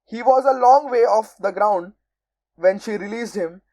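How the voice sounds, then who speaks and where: A young woman narrating a children's storybook aloud in a measured, expressive way. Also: a little high, low-quality recording. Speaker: volunteer audiobook reader.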